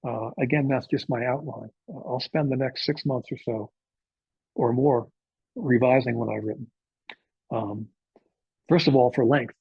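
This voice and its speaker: A man's voice: mid-range voice, fairly even intonation, measured pace, gravelly, long pauses, breathy edge, no room sound, highs cut off. A man, a novelist, giving an informal workshop talk to writers, speaking conversationally with frequent filler uhs and checking in with "okay?".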